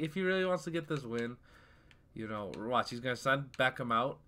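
A young man giving casual live commentary over his football video game, easily frustrated and trash-talking, breaking into sudden shouts. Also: medium pitch. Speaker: gaming YouTuber.

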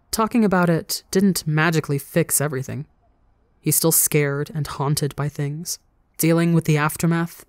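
A story narrator reading in a calm, measured manner, mid-pitched and level. The voice sounds close and dry, with no room around it. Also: no room sound. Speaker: audiobook reader. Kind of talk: fanfiction audiobook narration.

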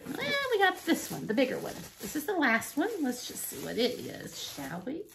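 A woman vlogger chatting excitedly through a makeup unboxing, gasping and gushing and often dropping to a whisper. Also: sits high, normal speed, creaky, noisy background.

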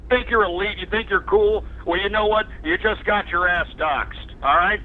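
High-voiced man taunting over a tinny phone. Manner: menacing, mocking, drawn-out taunts. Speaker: prank caller. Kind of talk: taunting prank phone call. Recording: old prank call on a tinny phone line.

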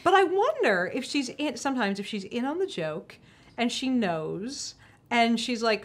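Casting note: woman, high-pitched, brash, profane, sarcastic. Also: very animated. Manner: brash, swears freely, quick sarcastic asides. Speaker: science communicator. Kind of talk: casual conversation.

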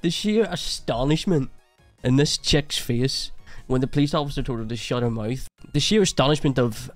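A man's voice: medium pitch, normal speed, soft background music. A man hosting a reaction video, commenting casually on footage with a mocking, laughing manner.

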